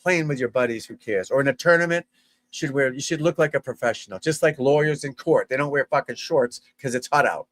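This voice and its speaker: A man at mid pitch gives casual livestream golf commentary. He talks bluntly and freely, swears, and speaks to viewers as folks and guys. His voice is close and dry, with no room sound behind it. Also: fairly quick, a bit bright, no echo. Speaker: golf instructor hosting a livestream.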